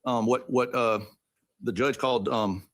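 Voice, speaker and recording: A man serving as a supreme court justice, questioning counsel at oral argument with probing, halting questions and frequent restarts. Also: medium pitch, fairly even intonation.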